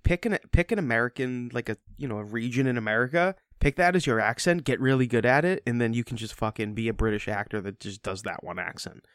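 A man casually chatting about a movie, rambling and joking, with quick silly impressions. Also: mid-range voice, a bit bright, no room sound, clean studio sound. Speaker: podcast co-host. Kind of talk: casual film review chat.

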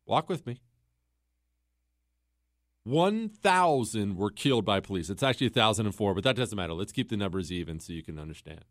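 A man's voice: fairly low pitch, expressive, brisk, pauses often, no room sound, studio quality. A young man hosting a podcast, delivering a political commentary monologue in an emphatic, rhetorical way, repeating words for effect and posing questions to his listeners. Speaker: podcast host.

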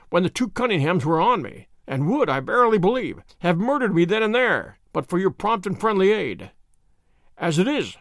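A man reading aloud, voicing a confident, sharp detective who explains in a measured way. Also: high voice, no room sound, studio quality, exaggerated voice.

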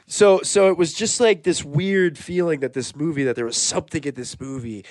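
Rambling man, somewhat high voice. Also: lively intonation, fairly quick, few pauses, a little mellow, no room sound. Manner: rambling, gets worked up. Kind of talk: improvised comedic banter.

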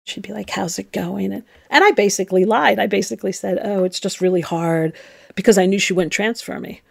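A woman's voice: medium pitch, brisk, vocal fry, no echo, clean studio sound. A middle-aged woman, a former nun, telling her own story in a candid, reflective and emphatic way. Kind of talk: personal storytelling.

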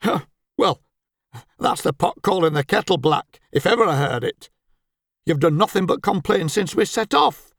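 A man's voice: sits high, expressive, moderate pace, gravelly, no room sound, studio quality, exaggerated voice. A man voicing a grumbling, stingy, middle-aged husband who swears and complains sarcastically.

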